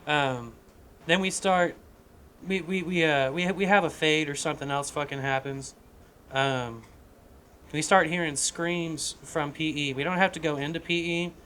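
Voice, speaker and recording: A man co-hosting a podcast, casually pitching a comedy script with profanity and lots of restarts. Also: fairly even intonation, measured pace, fairly bright tone, slight background noise. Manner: rambling, profane, frequent restarts. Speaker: podcast co-host.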